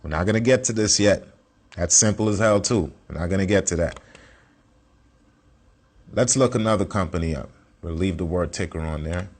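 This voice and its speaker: A man's voice: sits low, normal speed, pauses often, a little mellow. A man teaching casually, in a blunt and slangy way with plenty of swearing, repeating his points as he walks through a screen share. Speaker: self-taught investing teacher.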